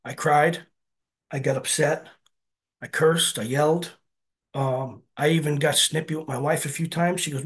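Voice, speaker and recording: A man's voice: fairly high pitch, fairly even intonation, measured pace, long pauses, a bit bright, husky. A man giving an earnest, conversational personal share at a recovery meeting, often checking in with his listeners. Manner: earnest, conversational, keeps asking "right?". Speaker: speaker sharing at a recovery meeting.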